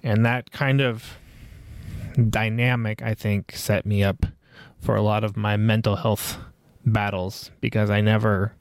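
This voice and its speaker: With a lowish, unhurried voice that barely moves in pitch, a man in his forties reflects on his life as he hosts his podcast. He rambles through the monologue with fillers and restarts, his tone clean and free of echo.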